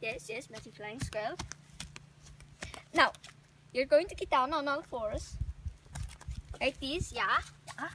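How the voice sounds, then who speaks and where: A woman's voice: high-pitched, expressive, slow, pauses often, sharp tone, slight background noise, heavily acted. A woman playing an eager female flying squirrel teacher at a rodent school, sing-song and encouraging, repeating her praise in an amateur comedic role-play. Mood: coaching.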